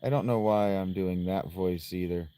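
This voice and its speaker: A man's voice: low voice, normal speed, mellow, clear, resonant tone, no room sound. A man streaming a video game, chatting casually with jokes, self-mockery and the odd swear word. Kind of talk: casual gameplay commentary.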